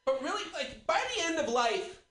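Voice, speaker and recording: A man's voice: very high voice, lively intonation, moderate pace, noisy background. A man in his twenties doing a rambling, profane, self-mocking stand-up routine. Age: 20s. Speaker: stand-up comedian.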